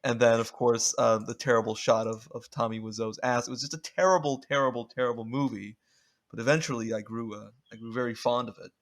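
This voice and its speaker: A man's voice: medium pitch, fairly even intonation, brisk. A man guest on a podcast, chatting casually, laughing and swearing as he tells stories. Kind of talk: casual chat.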